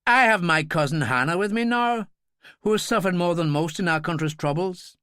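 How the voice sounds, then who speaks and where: A man's voice: a little high, sing-song, normal speed, fairly bright tone, dry recording. A man voicing a seasoned middle-aged pilot who talks with dry, wry humor. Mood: passionate.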